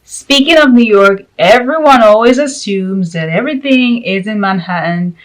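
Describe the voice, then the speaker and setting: A woman's voice: medium pitch, moderate pace, faint music behind, poor audio. A woman vlog host chatting casually to camera, joking and laughing between points, with Spanish as her first language.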